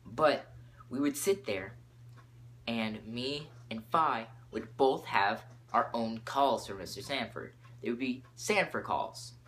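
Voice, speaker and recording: A teenage boy hosting his own podcast, rambling excitably from topic to topic with lots of fillers. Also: medium pitch, slow pace, slight background noise. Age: teens. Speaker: podcast host.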